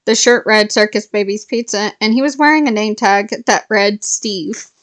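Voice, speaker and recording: Woman reading a novel aloud, casual and unpolished, with self-corrections, mid pitch. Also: normal speed, fairly bright tone. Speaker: reader of a novel. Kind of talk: casual read-aloud storytelling.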